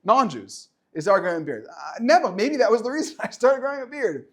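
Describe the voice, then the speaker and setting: A middle-aged man, a rabbi giving an informal weekly talk to high school students, animated, with joking asides and many restarts. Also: fairly quick.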